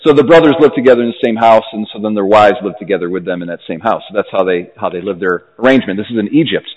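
A man's voice: racing, darkish tone, big-room sound, dull audio. A man preaching a conversational homily in a church, with fillers and restarts. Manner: conversational, grows fervent and high when urging. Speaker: priest.

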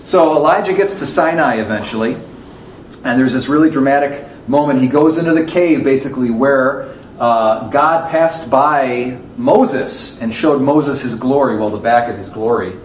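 A man's voice: mid-range voice, moderate pace, reverberant. Man, Bible class teacher, conversational, acts out quotes, distant mic, faint room noise. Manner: conversational, asks the audience questions, acts out quotes.

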